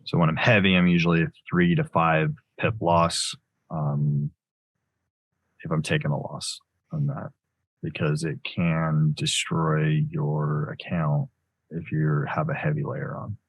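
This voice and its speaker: A man's voice: extremely low pitch, level tone, unhurried, slightly rough, rough recording. A man giving live commentary on his trades as he makes them, thinking aloud in a loose way that corrects itself as he goes.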